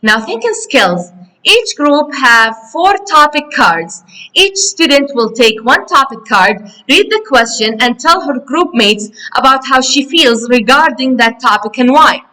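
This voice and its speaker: Bright slow-talking woman teacher. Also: high voice, expressive, low-quality recording. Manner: slow, clear teacher talk with questions to the class. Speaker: English teacher. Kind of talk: recorded grammar lesson for children.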